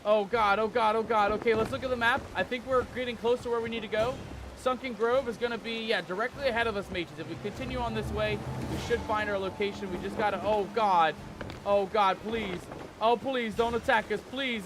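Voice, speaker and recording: A man streaming a pirate game, commenting live in an excitable, panicky way and peppering his talk with pirate slang. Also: sits high, a little fast. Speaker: gaming streamer. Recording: game sounds and ocean noise behind. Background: ship and water game audio.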